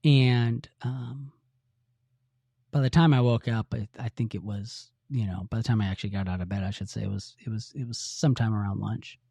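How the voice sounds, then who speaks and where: A middle-aged man tells his own story on a podcast in an earnest, halting way, often restarting his sentences. His voice is mellow and warm. It is recorded dry on a close mic. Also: on the low side, fairly even intonation, gravelly, husky, dry recording. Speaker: podcast host. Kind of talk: confessional personal storytelling.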